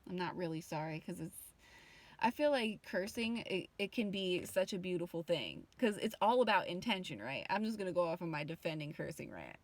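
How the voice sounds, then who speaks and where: A woman's voice: on the low side, very animated, fairly quick, no room sound. Swearing, rambling woman vlogger, dry sound. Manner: emotional, rambling, frequent swearing. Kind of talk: casual rant to camera.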